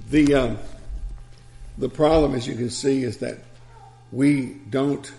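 A man's voice: medium pitch, gravelly, darkish tone. An older man preaching a sermon in a conversational way, with asides and little laughs at himself.

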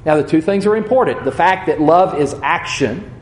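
A man preaching a sermon as a Bible lesson, measured and earnest, slowing on key words and dropping soft at the ends of his points. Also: fairly high pitch, lively intonation, roomy sound, a little hiss or hum.

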